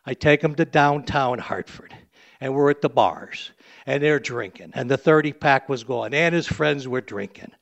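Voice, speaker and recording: A man's voice: medium pitch, moderate pace, gravelly, lo-fi sound. A man in his sixties, a limousine driver, telling a salty, blunt story live on stage.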